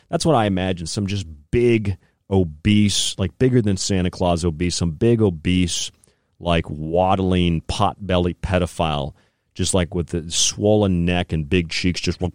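Deep-voiced man ranting on a podcast. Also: animated, moderate pace, a little mellow, dry recording, studio quality. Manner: ranting, laughs often. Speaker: podcast host. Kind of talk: casual rant.

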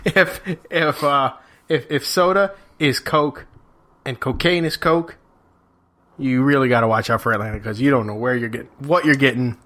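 A man's voice: medium pitch, normal speed, fairly bright tone. A man co-hosting a podcast, chatting casually, rambling with false starts and casual swearing, into a microphone. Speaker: podcast co-host. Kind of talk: casual chat.

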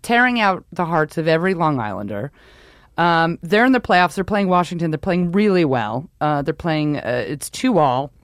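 A woman from New York co-hosting a podcast, chatting about sports in an excitable, rambling way that keeps breaking off mid-thought. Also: sits low, moderate pace, dry recording, studio quality. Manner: rambling, excitable, self-interrupting. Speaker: podcast co-host. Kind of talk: casual sports chat.

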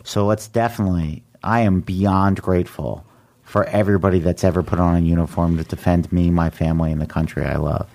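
A man's voice: deep voice, steady tone, gravelly, a little mellow. A man hosting a podcast, chatting casually and cheering his guests on. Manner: encouraging, quick affirmations. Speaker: podcast host. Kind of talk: casual chat.

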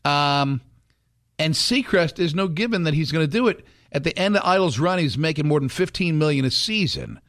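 A man hosting a morning radio show, chatting and telling stories animatedly, acting out quotes in other voices. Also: moderate pace. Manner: animated storyteller, acts out quotes in high voices. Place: radio studio.

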